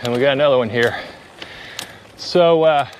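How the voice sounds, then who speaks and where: A man's voice: mid-range voice, normal speed, a little hiss or hum. A man on a bicycle outdoors, live-streaming a charity ride, out of breath and chatting casually between climbs. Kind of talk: casual live-stream chat while riding. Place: outdoors on a bicycle on country roads.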